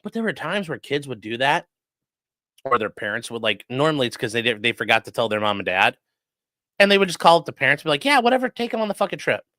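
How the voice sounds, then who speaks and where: A man chats loosely through a live trial feed, swearing freely and riffing to his viewers. His voice is bright and forward, recorded close and dry. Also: medium pitch, sing-song, fast talker, no echo. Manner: loose, profane, chatty. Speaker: defense attorney reacting to trial stream. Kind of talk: casual live-stream commentary.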